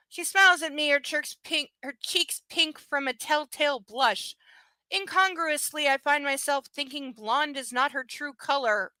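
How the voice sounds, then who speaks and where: A woman's voice: high voice, measured pace, bright, forceful tone, no echo. A woman streaming a live book reading, breaking off into sarcastic, profane commentary. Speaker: livestream reader.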